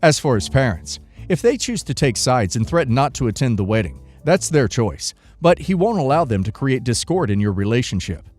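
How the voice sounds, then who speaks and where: Male narrator reading forum stories aloud with a lively, varied pitch; low music bed behind. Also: brisk, hardly any pauses.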